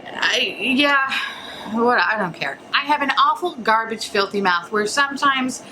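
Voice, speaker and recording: A woman's voice: on the high side, lively intonation, a little slow, pushed and bright, a little hiss or hum, low-quality recording. A woman hosting a makeup review vlog from home, chatting in a goofy, rambling way and swearing freely. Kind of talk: casual vlog chat. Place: home, early morning.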